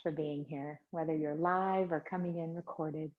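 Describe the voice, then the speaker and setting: A woman yoga teacher leading a chair yoga class with slow, soothing guided instructions. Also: low voice, steady tone, highs cut off. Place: home studio livestream.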